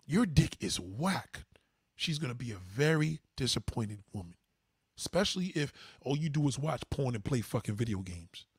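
This livestream host is very animated, with a husky voice at a moderate pace, captured in a dry, studio-quality recording. Casual and preachy, he hands out blunt, profane advice to viewers and imitates others by raising his pitch.

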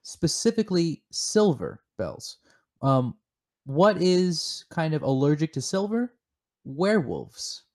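A man co-hosting a comedic chat show, spinning deadpan, mock-serious theories with lots of halting restarts. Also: a little high. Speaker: podcast co-host.

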